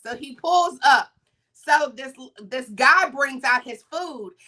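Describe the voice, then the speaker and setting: A woman co-hosting a morning talk show, telling a story in a casual, animated way and acting out the people in it. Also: high voice, takes it slowly. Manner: animated, acts out the people in her stories.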